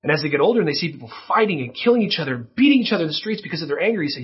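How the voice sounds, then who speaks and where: Husky-voiced man preaching on parenting. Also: on the high side, sing-song, rapid-fire, lo-fi sound. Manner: earnest teaching, acts out child role-play softly. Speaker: pastor. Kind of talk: sermon on parenting.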